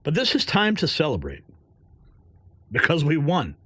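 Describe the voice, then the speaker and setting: A man's voice: on the high side, wildly swooping pitch, moderate pace, pushed and bright, breathy edge, no echo. A man hosting a live online news show, ranting in an indignant, emphatic and sarcastic way. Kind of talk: live commentary rant.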